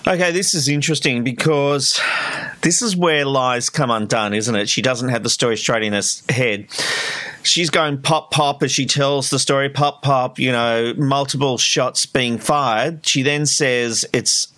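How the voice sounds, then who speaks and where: A man co-hosting a video podcast, commenting on interrogation footage in a casual, animated way and laughing often. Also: mid-range voice, unhurried. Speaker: podcast co-host.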